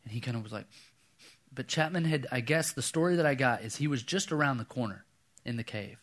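A man's voice: mid-range voice, fairly quick. A man in his thirties preaching a sermon, telling a personal story and acting out the voices in it. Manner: animated storyteller, acts out voices, drops to a hush for quoted lines. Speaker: pastor.

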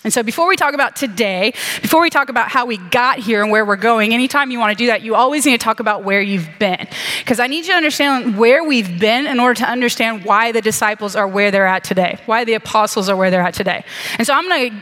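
A woman's voice: on the high side, quick pace, a bit bright. A middle-aged woman preaching a sermon in a chatty, self-mocking way, with joking asides to her audience. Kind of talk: sermon with humorous stories. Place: large hall with an audience. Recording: reverberant hall.

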